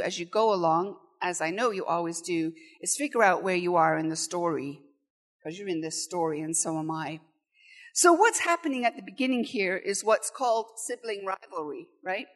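A woman preaching a sermon in a church, conversational and animated, acting out quoted voices. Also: a little high.

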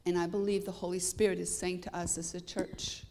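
A woman's voice: fairly low pitch, flat delivery, fairly quick, dark tone. A woman from Canada with a Canadian accent, a guest preacher delivering a sermon with emphatic rising peaks and bits of humor.

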